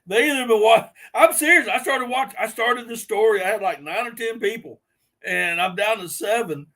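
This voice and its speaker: A man hosting a casual live stream, laughing helplessly between drawn-out exclamations as he chats with viewers. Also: sits high, sharp tone. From Southern US. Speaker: host.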